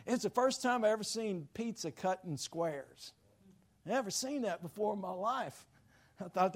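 Male pastor, high-pitched, folksy rambling sermon storyteller. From Louisiana. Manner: folksy, rambling storytelling with self-deprecating humor. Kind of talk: sermon told as a personal story.

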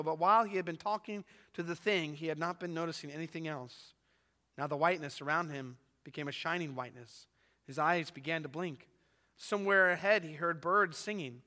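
Pastor, male, high bright voice, dramatic storyteller, long reverb of a church. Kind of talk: sermon with expressive reading aloud.

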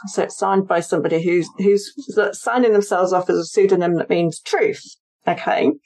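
A woman's voice: fairly low pitch, normal speed, a little mellow. A woman historian and author, a guest on an interview podcast, explaining her research at length and thinking aloud as she goes. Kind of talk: conversational interview.

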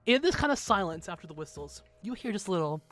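A woman narrating a tabletop game as game master, talking in a lively way and laughing often. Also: medium pitch, quick pace, faint music behind.

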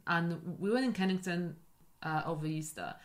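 Chatty woman telling a quick anecdote. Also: lowish voice. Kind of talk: casual chat.

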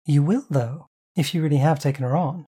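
A brash, foul-mouthed sister bosses and teases in a raised, mellow voice, as the audiobook narrator puts her on. She booms and insists rather than asks. The reading stays warm rather than sharp. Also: brisk, husky. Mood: teasing. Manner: loud, bossy and swearing.

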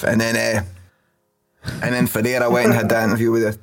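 A man's voice: fairly low pitch, little pitch movement, fairly quick, soft background music. A Scottish man chatting casually as a podcast host, rambling, swearing freely and laughing. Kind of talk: casual chat.

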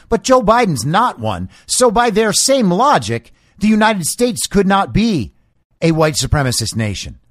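A man's voice: on the high side, a bit bright, no room sound, clean studio sound. A man hosting a political commentary show, reading news quotes and mocking them sarcastically. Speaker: podcast host.

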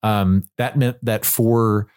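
A man telling stories in a casual chat as a podcast guest, animated and acting out other people's lines. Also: on the low side, takes it slowly, clear, resonant tone.

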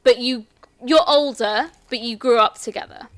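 A woman acting as game master, calmly explaining the characters and rules of a tabletop game with some restarts. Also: a little high, moderate pace, no room sound.

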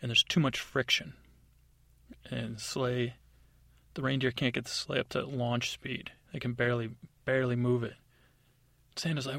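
A man spins a bedtime story in a loose, rambling way, full of fillers and side remarks. His voice is gravelly and a bit husky, recorded close and dry, and he jumps up into high, excited voices whenever a character speaks. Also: normal speed, dry recording. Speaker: podcast storyteller. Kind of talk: improvised bedtime story narration.

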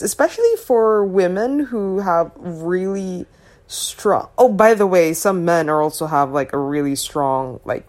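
A woman hosting a spiritual podcast speaks in an unhurried, slightly low voice. Her delivery is loose and meandering, full of fillers and asides. She swears casually and laughs between points. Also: a little mellow. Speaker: podcast host.

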